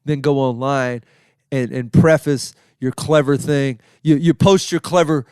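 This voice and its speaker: A man's voice: medium pitch, steady tone, measured pace, darkish tone, clear, resonant tone, no room sound, studio quality. A male comedian hosting his own podcast in a casual, rambling, joking solo monologue. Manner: rambling, joking, self-deprecating.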